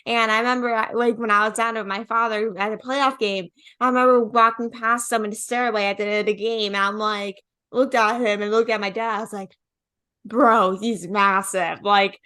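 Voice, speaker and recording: A woman's voice: a little high, little pitch movement, a little fast, few pauses, bright, forceful tone, clean tone. Chatty young woman host, filler-heavy. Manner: chatty, leans heavily on "like". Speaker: podcast host. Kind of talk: casual interview chat.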